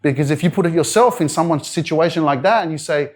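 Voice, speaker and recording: Young Australian motivational speaker, candid and loose, filler-heavy storytelling at a live event. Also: male voice, a little high, quick pace. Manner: candid storytelling, frequent "like" and "you know" fillers. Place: wellness centre event room.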